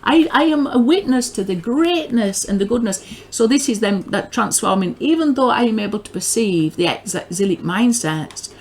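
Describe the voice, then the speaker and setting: A woman's voice: fairly high pitch, normal speed, hardly any pauses, slight background noise. A woman with a northern English accent giving an informal spoken religious teaching, rambling and earnest, often repeating words and restarting her sentences. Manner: earnest, grows excited.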